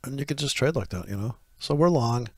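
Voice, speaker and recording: Excitable, profane man trading live. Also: mid-range voice, a little fast, husky, no echo. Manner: excitable, profane, thinks aloud. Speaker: forex trader.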